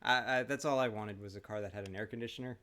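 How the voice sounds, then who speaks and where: A man's voice: lowish voice, fairly even intonation, fast talker, sharp tone. A man chatting casually on a game stream, dropping dry, offhand quips. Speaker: co-player.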